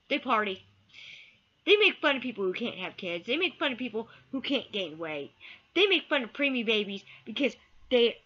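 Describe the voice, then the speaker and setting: A woman's voice: on the high side, a bit bright, highs cut off. A woman giving a heated opinion rant to camera. She repeats key words for emphasis and sometimes swears. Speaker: vlogger.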